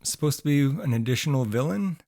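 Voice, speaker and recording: A man's voice: medium pitch, lively intonation, quick pace, vocal fry, mellow. A man co-hosting a podcast in casual chat, rambling with fillers while losing his voice. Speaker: podcast co-host.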